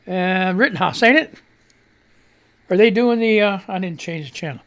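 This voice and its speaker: A man's voice: high voice, expressive, moderate pace, fairly bright tone. A man from Missouri hosting a live radio show in a casual, rambling way, reading social media posts, laughing often and swearing freely.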